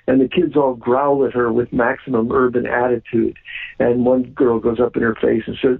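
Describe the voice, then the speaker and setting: Gravelly, husky man, guest on a radio interview, earnest, phone-line sound. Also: medium pitch, level tone, brisk. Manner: earnest, with many ums and restarts.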